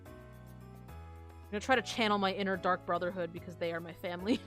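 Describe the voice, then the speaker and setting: A woman's voice: on the low side, steady tone, rapid-fire, a bit bright, faint music behind. Giggly rambling young woman streamer. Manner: giggly, rambling, self-deprecating. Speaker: livestreamer. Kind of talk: casual stream chat.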